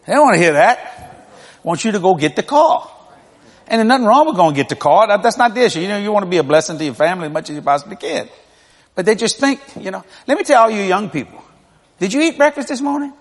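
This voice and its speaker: A man in his sixties preaches in a high, lively voice that swoops all over as he tells folksy, funny stories and chuckles along. The sermon rings through a large hall with a long reverb tail. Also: fast. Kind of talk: humorous storytelling sermon.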